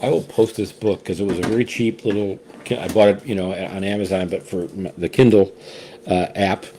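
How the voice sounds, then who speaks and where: A man's voice: sits low, fairly even intonation, fairly quick, dark tone, slight background noise. A man hosting a casual whiskey tasting chat, rambling and restarting often as he shares his impressions. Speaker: whiskey reviewer, co-host.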